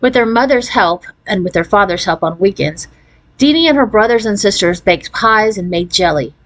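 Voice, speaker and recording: Woman reading a children's novel aloud. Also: moderate pace. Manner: expressive storytelling, raising pitch for quoted voices. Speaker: narrator.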